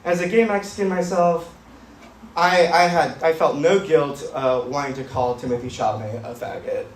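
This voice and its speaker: A man doing stand-up comedy on a club stage, with a deadpan, edgy, self-mocking delivery. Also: on the high side, moderate pace, slight background noise. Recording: roomy club sound from far, crowd laughter.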